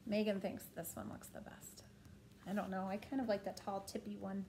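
A woman reading a children's picture book aloud to a child, gently stopping to point at pictures and ask questions. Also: medium pitch, flat delivery, moderate pace, a little hiss or hum.

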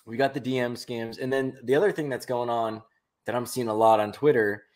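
A man's voice: mid-range voice, fairly even intonation, brisk, a little mellow. Rambling jokey male podcast co-host. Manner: rambling, jokey, self-correcting. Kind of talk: casual chat.

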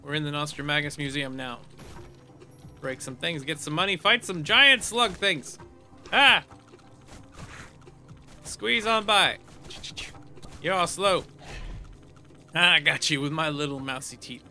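A man chats his way through a game he is playing, reading the text on screen aloud and breaking into silly hums and sound effects. His voice sits a little high for a man and has a very bright, forceful edge. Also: moderate pace, pauses often, soft background music. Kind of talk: casual let's play commentary.

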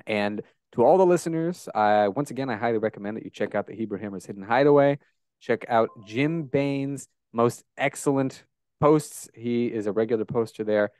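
A man's voice: mid-range voice, normal speed, clean tone, no room sound, clean studio sound. A man hosting a podcast interview, chatting casually and rambling with lots of fillers. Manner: relaxed, rambling with many fillers. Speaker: podcast host.

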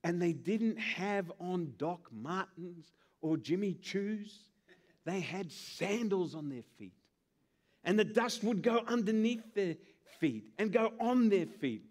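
A man's voice: sits high, slow. A male pastor preaching a sermon, acting out little scenes with voices. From Australia. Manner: animated, acts out scenes with put-on voices.

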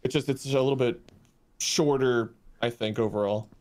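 A man's voice: mid-range voice, moderate pace, darkish tone. A man co-hosting a casual gaming podcast, explaining things in a hesitant, rambling way with lots of fillers. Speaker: podcast co-host.

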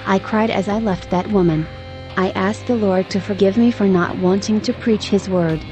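A woman's voice: medium pitch, steady tone, normal speed, music in the background. A woman narrating a religious testimony in earnest, exhorting tones.

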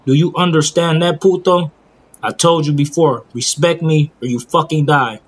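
A man's voice: a little high, steady tone, normal speed, husky. Cold, cursing drug boss from a game-made crime movie, all threats, voiced by the narrator in his own voice. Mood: menacing. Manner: threatening, profane. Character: menacing male drug boss, cruel and cold.

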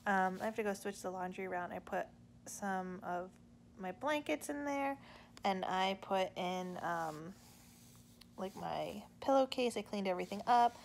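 Sitting on the sofa in her living room, a young mother who vlogs about family life talks to the camera about her plans, wandering off track and using lots of filler words. She speaks in a mid-range voice at an unhurried pace with vocal fry. A little hiss or hum sits under the recording.

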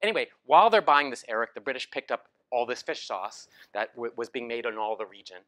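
A man's voice: medium pitch, big pitch swings, fast, pushed and bright. A man giving a lecture with slides, telling it as a story in a casual way, with many ums and restarts. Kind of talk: academic talk with slides. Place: lecture hall.

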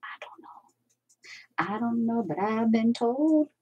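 A woman's voice: a little high, animated, slow pace, husky, lo-fi sound. A woman hosting a crafting livestream from home, chatting casually and rambling as she works and answers viewer comments. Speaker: crafting channel host. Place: at home with her cats.

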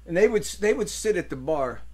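An older man hosting a casual show, telling rambling stories and breaking into loud voices for the people in them. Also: high voice, brisk. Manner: rambling, animated storyteller, swings into loud character voices. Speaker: host. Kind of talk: casual storytelling chat.

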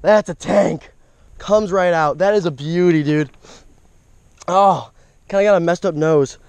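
Excitable young guy fishing outdoors. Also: high voice, unhurried, smooth, no room sound, poor audio. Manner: excitable, exclaiming over each catch. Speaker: fishing vlogger. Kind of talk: casual outdoor commentary. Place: outdoors at a creek by a bridge. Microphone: action camera.

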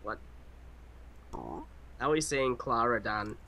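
A man's voice: medium pitch, slow, sharp tone. A man commenting on a game in casual chat, joking and giggly, swearing freely.

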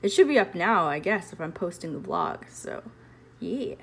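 A woman artist chatting casually in a home vlog, excitable and full of fillers, recorded on a phone in an apartment. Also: lowish voice, normal speed, creaky, breathy edge, poor audio. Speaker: artist vlogger.

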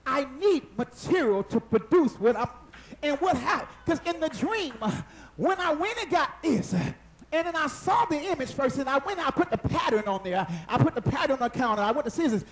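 Very high-voiced animated male preacher. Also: fairly quick, low-quality recording. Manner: animated, call-and-response with the congregation; breaks into shouting at high points. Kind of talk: sermon. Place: church service.

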